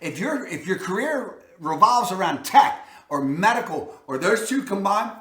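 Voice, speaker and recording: A man's voice: sing-song, unhurried, a bit bright, roomy sound. A man with a Baltimore accent, a real estate agent talking up his area in an emphatic, salesy vlog style. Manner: salesy, emphatic, repeats "I'm telling you" and "boom".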